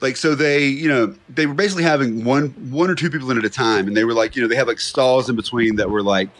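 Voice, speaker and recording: A man's voice: mid-range voice, quick pace, fairly bright tone. A man, a comedian guest on a podcast, rambling through a story with lots of "like" in a studio. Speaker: guest comedian and history professor. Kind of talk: casual chat.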